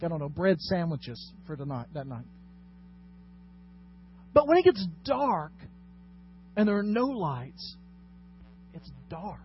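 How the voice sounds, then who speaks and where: Male pastor, high voice, sermon with dramatic quiet-to-loud swings, dull lo-fi church recording. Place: church sanctuary. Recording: dull lo-fi sound with faint noise.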